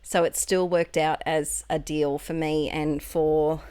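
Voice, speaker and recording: Chatty Australian woman, lowish voice. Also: level tone, slow pace, darkish tone, clean tone, no room sound. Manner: chatty, rambling, self-correcting with little laughs. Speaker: craft video creator. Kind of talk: casual voiceover narration. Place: home, recorded at night.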